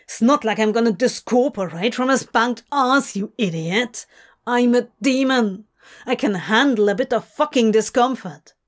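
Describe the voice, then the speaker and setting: A woman's voice: on the high side, normal speed, close to an everyday voice. A woman voicing a hot-tempered male demon who snaps and swears at the angel in a fanfic audiobook. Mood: furious. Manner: snapping, swearing, defensive.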